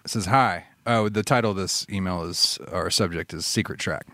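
Low-voiced Southern American man. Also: normal speed, pushed and bright, dry recording. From southern United States. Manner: easygoing, chuckling, swears casually. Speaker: podcast co-host. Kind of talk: casual chat, reading listener email.

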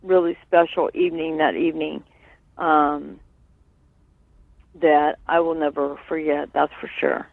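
A man's voice: a little high, little pitch movement, measured pace, gravelly, pauses often, no echo. A man recalling old memories in an interview, rambling with many fillers and tagging on "right?". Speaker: guest. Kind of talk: reminiscing interview. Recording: tinny phone line.

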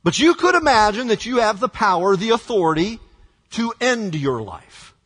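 A male pastor preaching a sermon with dramatic swings from hushed words to shouts. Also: high voice, very animated, normal speed, husky, long reverb tail.

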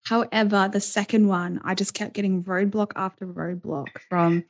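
A woman's voice: mid-range voice, steady tone, moderate pace. Dry-humored Australian woman guest. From east coast of Australia. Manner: dry, laughing, chatty. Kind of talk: casual interview chat. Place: Scotland, remote call.

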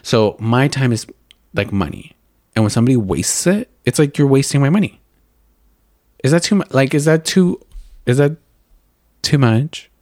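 A man's voice: medium pitch, moderate pace, darkish tone, no echo, clean studio sound. A young man hosting a makeup show, ranting casually in a rambling, profane way full of "like" fillers. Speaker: makeup video and podcast host.

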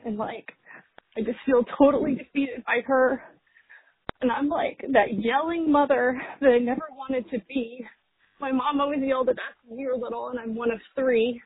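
A young mother leaves a tearful voicemail, venting in a rambling, emotional rant packed with fillers. Her voice is strained and on the high side, coming over a tinny phone line with slight background noise.

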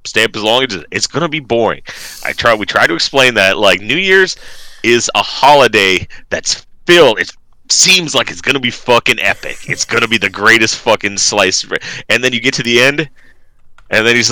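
A man in his thirties rambles on a podcast in a bright, forceful voice, recorded close and dry. He swears casually and plays out his family's lines as he talks. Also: mid-range voice, expressive, normal speed, no echo. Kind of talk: casual chat.

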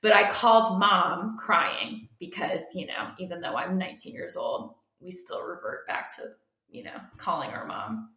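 A young woman co-hosting a podcast chats casually, her lowish voice bright and forceful. She tells stories with animated energy and works herself up as she talks. The room around her is roomy and echoey. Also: unhurried. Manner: animated storytelling, gets worked up. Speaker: podcast co-host. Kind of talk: casual chat.

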